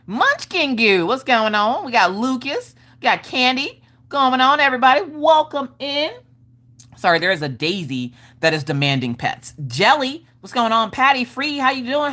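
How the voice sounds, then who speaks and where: A woman hosting a casual craft livestream, upbeat, calling out viewers by name and swinging her pitch up and down as she chats. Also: fairly bright tone. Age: adult, her father watches. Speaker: livestream host greeting chat. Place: home craft room.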